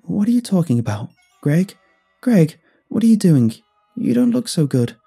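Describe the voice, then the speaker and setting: A man voicing a worried young female lab colleague, pleading in a raised, high voice. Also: lively intonation, normal speed, warm tone, husky, faint music behind. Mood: alarmed.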